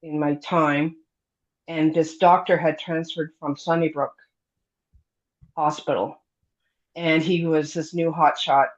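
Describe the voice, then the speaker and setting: A woman's voice: sits low, takes it slowly, pauses often. A middle-aged woman, telling a personal story in a casual interview, acting out the other people's lines and using lots of fillers. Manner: lively storyteller, acts out quoted dialogue, many fillers. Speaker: guest telling her near-death story. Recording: dull lo-fi sound.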